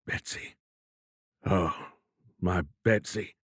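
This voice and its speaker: A man voicing a middle-aged government director, gruff and urgent over a phone line, at times choked with grief. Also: low voice, steady tone, drawn-out words, no room sound, clean studio sound, full character voice.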